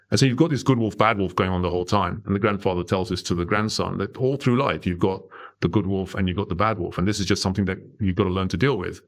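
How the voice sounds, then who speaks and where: Middle-aged male podcast guest, low voice, chatty storyteller. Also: quick pace. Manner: animated storyteller, tags lines with "right?". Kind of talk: conversational storytelling.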